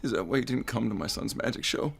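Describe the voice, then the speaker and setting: A man's voice: mid-range voice, expressive, fast, gravelly, fairly bright tone, a little hiss or hum. A man acting as a jilted, needy ex in a comedy sketch, sounding hurt and pleading. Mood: aggrieved.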